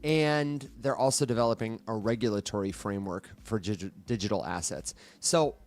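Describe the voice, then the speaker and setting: A man's voice: lowish voice, moderate pace, a little mellow, faint music behind. A man co-hosting a morning show, musing aloud and asking rhetorical questions in casual chat.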